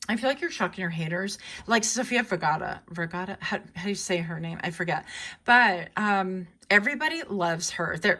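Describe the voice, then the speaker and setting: A woman's voice: on the low side, bright, forceful tone. A woman doing a casual, rambling tarot reading, talking in a chatty way and often correcting herself. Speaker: tarot reader.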